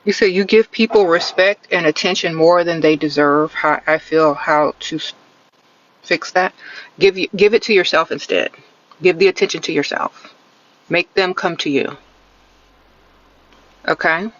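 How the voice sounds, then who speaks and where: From inside her car on a live stream, a woman hands out blunt, sassy dating advice, often ending points with a teasing "okay?" and a sarcastic "sprinkle, sprinkle" catchphrase. Her lowish voice is a little slow with long pauses, and the audio through her close-held phone sounds dull.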